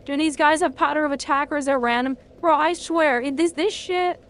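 A young woman streaming a video game, reacting loudly, cursing and cheering at each moment of play. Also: sits high, fairly quick. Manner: excitable, swears a lot, reacts loudly to the game. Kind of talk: live gameplay commentary.

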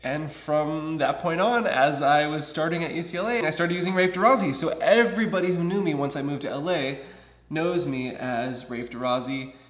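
A man's voice: on the high side, normal speed. Chatty man in his thirties, roomy sound. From Southern California. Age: 30s. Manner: chatty, candid, acts out other people's lines. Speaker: vlogger. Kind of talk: casual personal vlog.

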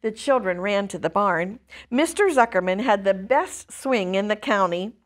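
A woman from a church children's ministry reading a chapter book aloud to children in an expressive way. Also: medium pitch, normal speed.

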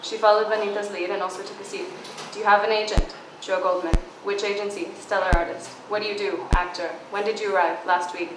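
A woman's voice: medium pitch, little pitch movement. Woman, author reading from her novel, bookstore event, noisy background. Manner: reads dialogue with emphasis, casual and halting when answering. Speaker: author reading at a book launch. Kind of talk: reading aloud from her novel, then answering questions. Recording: echoey room, far from mic, background noise.

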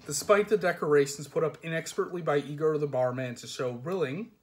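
A man reading a comic fantasy novel aloud in a measured, dry storytelling manner. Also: a little high. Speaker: reader.

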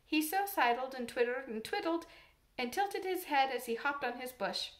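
A woman narrating a classic children's novel aloud in a measured, expressive reading. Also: sits high, roomy sound. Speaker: audiobook narrator. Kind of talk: storybook narration.

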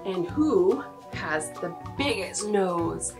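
A woman's voice: medium pitch, big pitch swings, slow pace, faint music behind. A woman in her thirties leading a toddler circle-time lesson, switching between English and Spanish and making playful animal sounds. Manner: sing-song, exaggerated animal sounds and sneezes. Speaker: preschool teacher.

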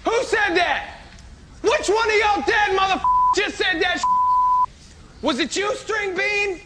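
A man playing a crude, loud president who heckles a play, shouting and swearing. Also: extremely high pitch, sing-song, slow, heavy background noise, exaggerated voice. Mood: taunting. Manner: shouting, profane, taunting. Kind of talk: sketch comedy acting.

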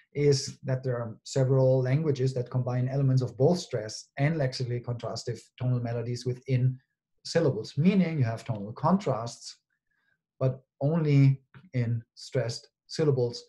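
A man's voice: medium pitch, warm tone. A man presenting a linguistics conference talk, explaining step by step with frequent ums and okays. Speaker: linguistics lecturer.

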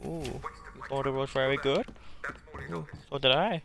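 A man streaming a video game live, jokingly pleading with the monster, swinging from loud exclamations to hushed mutters. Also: medium pitch, fairly even intonation, moderate pace. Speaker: gaming streamer.

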